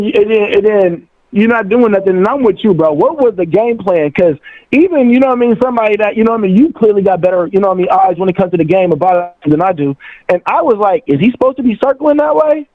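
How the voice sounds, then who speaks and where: A man on a tinny phone line talks animatedly in slang, repeating himself as he builds up his point. His voice sits high for a man. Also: fast talker. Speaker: caller, friend of the host. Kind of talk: casual call-in chat.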